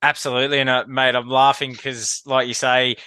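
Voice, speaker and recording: A man's voice: medium pitch, little pitch movement, brisk, clean tone, no echo. An Australian man hosting an interview podcast, affirming his guest and saying "mate" often. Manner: warm, affirming, says "mate". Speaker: podcast host.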